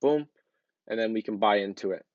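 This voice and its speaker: A man's voice: fairly low pitch, fairly quick, no room sound, highs cut off. A man casually talking viewers through trading charts in a loose, chatty way, with plenty of ums and filler words. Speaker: trading educator. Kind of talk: casual screen-share chart walkthrough.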